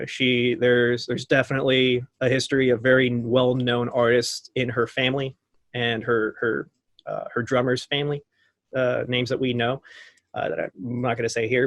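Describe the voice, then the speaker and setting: A man in his thirties telling a story as a podcast guest, lively and acting out what people said, laughing often. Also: mid-range voice, normal speed, no room sound. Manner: animated, acts out quotes, laughs often. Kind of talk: casual storytelling.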